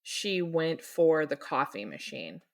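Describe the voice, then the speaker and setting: A woman's voice: low voice, big pitch swings, slow, vocal fry. A woman co-hosting a book club podcast, chatting casually and reading aloud playfully, laughing easily. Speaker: podcast co-host.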